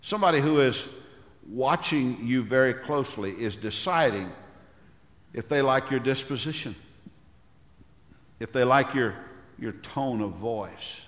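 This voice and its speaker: An older man preaching a sermon as pastor, with a big, loud voice, often clearing his throat. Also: medium pitch, expressive, unhurried, pauses often, reverberant, big-room sound.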